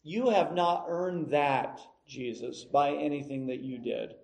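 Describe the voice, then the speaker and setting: A middle-aged man preaching a sermon, emphatic and measured, with dramatic pauses. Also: a little high, gravelly, a little mellow, rough recording. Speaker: pastor.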